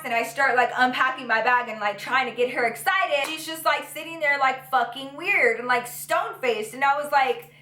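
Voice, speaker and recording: A young woman vlogger telling a storytime, animated and profane, with dramatic retellings. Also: high voice, reverberant. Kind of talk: storytime vlog.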